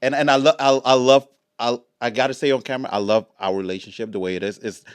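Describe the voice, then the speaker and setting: A man on a casual podcast, telling lively stories and acting out both sides of phone calls. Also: medium pitch, quick pace, clean tone, no echo. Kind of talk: casual chat.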